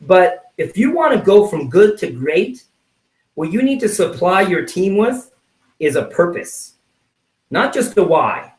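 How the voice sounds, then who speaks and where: A man's voice: sits high, a little slow. A man giving a motivational sales training talk, acting out little scenes and checking in with "right?" from his home office. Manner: animated, acts out little scenes, keeps asking "right?". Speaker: network marketing trainer. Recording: roomy sound, mic at a distance.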